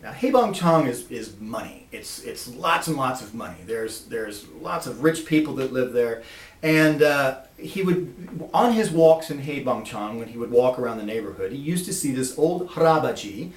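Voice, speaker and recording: Lively guy telling a story, bouncy pitch, sounds far off. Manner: animated, lively, acts out voices. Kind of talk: personal storytelling. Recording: echoey room from a distance.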